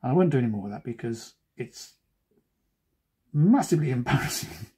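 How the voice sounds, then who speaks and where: A man's voice: mid-range voice, animated, a little fast, mellow, husky. A man who is a cartoonist, talking casually while he draws and making joking, self-deprecating asides. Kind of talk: chatty drawing commentary.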